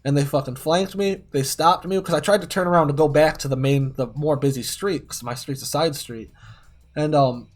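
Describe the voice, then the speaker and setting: Male streamer, slightly high voice, rambling and profane, casual gaming chat. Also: steady tone, moderate pace. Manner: rambling, heavily profane, many fillers. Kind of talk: casual storytelling while gaming.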